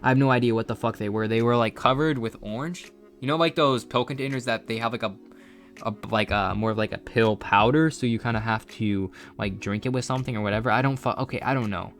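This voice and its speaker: Young guy rattling off a story super fast, cussing a lot, rambling, faint music behind. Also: medium pitch, fairly bright tone. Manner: rambling, profane, filler-heavy. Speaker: storyteller vlogger. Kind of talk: casual storytime monologue.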